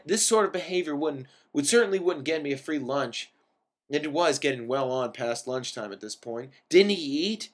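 A man reads a first-person story aloud in a wry, expressive manner. His voice sits a little high for a man, and he pushes key words up with sudden emphasis. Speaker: reader of a story.

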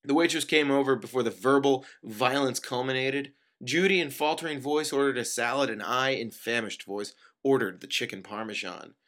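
A man's voice: normal speed, few pauses. Man reading a first-person story aloud. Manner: narration in an even tone, dialogue with sudden high jumps. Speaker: narrator.

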